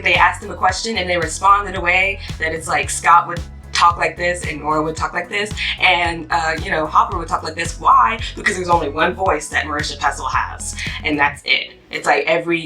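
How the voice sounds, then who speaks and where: A woman's voice: low-pitched, sharp tone, distant mic, rough recording. A woman giving a casual rant of a book review, emphatic and exasperated in a chatty way.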